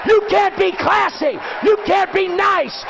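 A man preaching an impassioned revival sermon in a church, shouting his lines. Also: a little slow, gravelly, a crowd in the background, noisy background. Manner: impassioned, drops low to mimic people then shouts.

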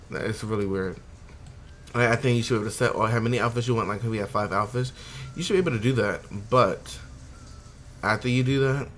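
A man's voice: lowish voice, a little hiss or hum. A man hosting a casual let's play, rambling, swearing and talking to his characters, sleepy and yawning. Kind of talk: casual gameplay commentary.

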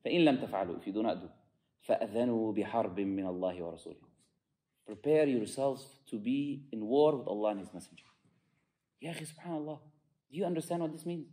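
A man's voice: a little high, dark tone. A man giving an impassioned mosque lecture as a preacher, fervent and peppered with Arabic phrases.

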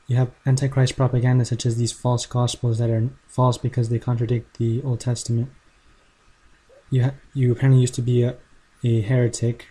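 A man's voice: mid-range voice, flat delivery, brisk, warm tone, husky. A man making a rebuttal video, arguing in a combative and mocking manner. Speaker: video creator responding to a critic.

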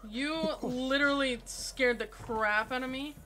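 A woman's voice: high voice, a little slow, background noise. A woman streaming a game with friends, laughing often and swearing freely in casual chat.

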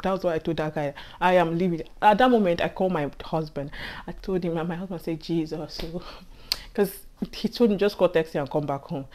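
A young woman with a Nigerian accent telling a personal work story to camera in a casual, animated way, laughing often and acting out what others said. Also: fairly low pitch. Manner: animated, laughs often, acts out quoted speech. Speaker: healthcare assistant vlogger.

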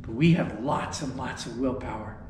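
A man's voice: medium pitch, moderate pace, a little mellow, roomy sound, in a large hall, a little hiss or hum, pitched below the performer's own voice, close to an everyday voice. A man reading the part of Mark, a patient, sensible young man, in a storybook tale. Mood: matter-of-fact.

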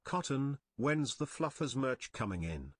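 A man's voice: mid-range voice, sing-song, a little slow, husky, no echo, clean studio sound. A text-to-speech voice of a man reading viewer messages aloud with stiff synthetic delivery. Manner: stiff synthetic delivery, odd phrasing read literally.

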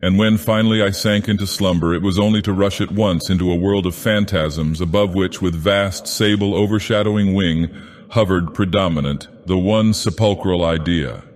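A man's voice: low voice, normal speed, close to an everyday voice. A man voicing a grandiose, menacing ancient god-villain as he narrates a horror tale solemnly. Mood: brooding. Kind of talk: dramatic horror reading. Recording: long reverb.

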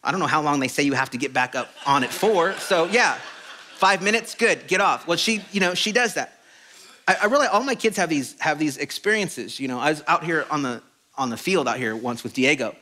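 A middle-aged man preaching a sermon as a pastor, telling stories in an animated, self-deprecating way. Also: a little high, fairly quick, slight background noise. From Mexican heritage. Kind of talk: storytelling sermon. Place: church auditorium.

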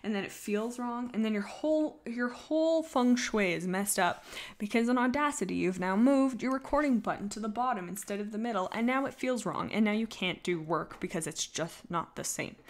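A woman chatting casually on a live stream while she draws, rambling and poking fun at herself, sometimes trailing off quietly as she focuses. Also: medium pitch, lively intonation, normal speed. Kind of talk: casual livestream chat while drawing.

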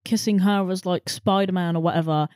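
Mid pitch, dry close mic, chatty podcast co-host, giggly, animated. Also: a little fast, clean tone, no echo. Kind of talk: casual film podcast chat.

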